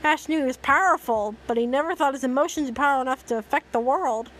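A woman's voice: sits high, fast talker, a bit bright, slight background noise, low-quality recording. Sarcastic woman reading a story aloud. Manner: dry, sarcastic asides. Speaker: host reading fan fiction aloud. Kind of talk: dramatic reading with sarcastic commentary.

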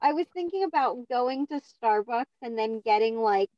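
A woman co-hosting a podcast, telling funny stories in a relaxed, chatty way. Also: on the high side, moderate pace, highs cut off. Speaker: podcast co-host. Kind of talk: casual chat.

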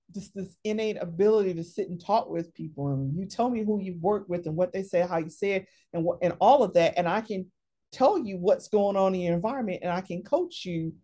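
A woman career coach talking in an interview, telling stories in a lively, emphatic way and often adding tag questions. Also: mid-range voice. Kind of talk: conversational interview, storytelling.

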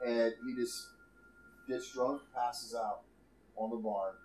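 A man's voice: mid-range voice, steady tone, slow pace, darkish tone, echoey room, slight background noise, poor audio. A man narrating as game master in a loose, casual way.

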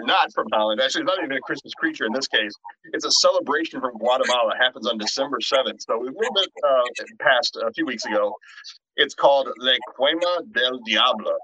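A middle-aged man co-hosting a horror podcast in casual chat, animated, tripping over restarts and swearing freely. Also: mid-range voice, brisk, breathy edge, no room sound. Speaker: podcast co-host. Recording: dull, lo-fi and dry.

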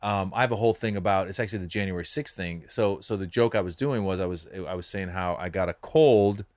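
Fast-talking man telling stories. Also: low voice, dry recording, studio quality. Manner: fast, animated storytelling, acting out bits. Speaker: comedian co-host. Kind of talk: casual chat between comedians.

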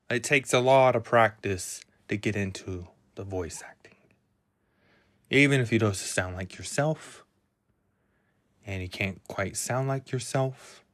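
A man with a low voice talks slowly through a solo podcast, rambling and putting himself down. The sound is dry and close, with no room around it. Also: a bit bright, no room sound. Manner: rambling, self-deprecating, muses aloud. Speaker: podcast host.

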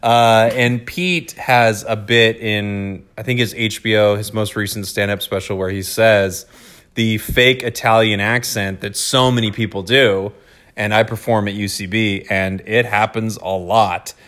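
An American man hosting a casual podcast chat, playful and quick to laugh. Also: lowish voice, fairly even intonation, fairly bright tone. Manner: playful, laughs often, jokey voices. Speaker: podcast host.

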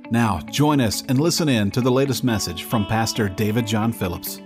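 A man's voice: lowish voice, normal speed, over music. A man introducing a sermon as announcer. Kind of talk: introduction over music.

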